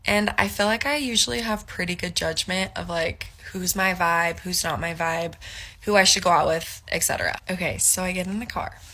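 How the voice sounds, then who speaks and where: Woman with a raspy fry doing storytime, bright tone, all incredulous. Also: fairly low pitch, moderate pace. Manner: animated, incredulous, lots of fillers. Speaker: social media storyteller. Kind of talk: dramatic storytime to camera.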